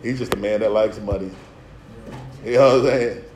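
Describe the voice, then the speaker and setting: A man's voice: on the low side, moderate pace, a little mellow, roomy sound, slight background noise, low-quality recording. A man preaching a sermon as pastor, streetwise and playful, with asides and acted-out voices. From Philadelphia.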